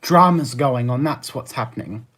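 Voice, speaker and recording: A live streamer chatting with viewers and arguing back at their messages in fast rants full of "like", laughing often. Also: medium pitch, expressive, a bit bright, a little hiss or hum. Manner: argumentative, fast rants with many "like" fillers; laughs often, easily amused.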